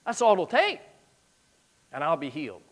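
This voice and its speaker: A man's voice: on the high side, huge pitch swings, moderate pace. A middle-aged man preaching, reading scripture aloud and breaking into plain-spoken asides to explain it.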